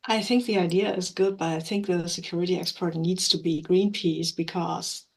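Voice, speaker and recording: A woman's voice: on the low side, steady tone, breathy edge. A woman playing a tabletop crime game, who asks rules questions and second-guesses herself playfully. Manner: quick, playful, self-questioning. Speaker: player. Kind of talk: tabletop role-play chat.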